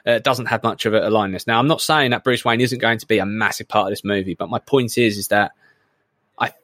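A man co-hosting a casual film podcast, excited and sweary, rambling between points. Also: lowish voice, quick pace, dry recording, clean studio sound. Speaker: podcast co-host.

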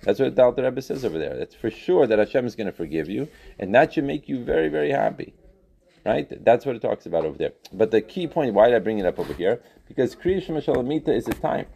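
A man teaching a religious text class, animated, questioning students and repeating phrases as he explains. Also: mid-range voice, fast, gravelly, husky, dull audio. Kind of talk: interactive class lecture.

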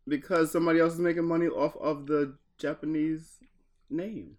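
A man's voice: on the high side, fairly even intonation, normal speed, a little mellow. Joking man co-hosting a podcast. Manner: joking, offbeat asides. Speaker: podcast co-host. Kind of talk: casual chat. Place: apartment in the Bronx.

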